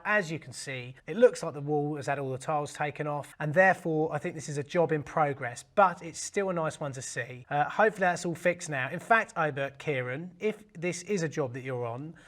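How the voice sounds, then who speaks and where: A man's voice: fairly high pitch, a bit bright. A man, hosting a casual video in a cheeky, jokey manner. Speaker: host. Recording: faint music underneath.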